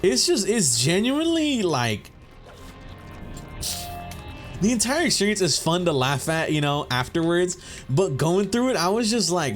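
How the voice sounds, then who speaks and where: Animated young man telling a profane story. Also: sits high, moderate pace, soft background music. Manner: rambling, profane, says bro and you know a lot. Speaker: gaming channel host. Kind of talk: casual storytelling over gameplay.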